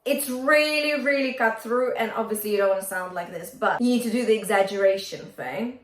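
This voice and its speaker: A woman's voice: mid-range voice, brisk, echoey room. A woman vocal coach teaching a singing lesson, upbeat and encouraging, often checking in with her students.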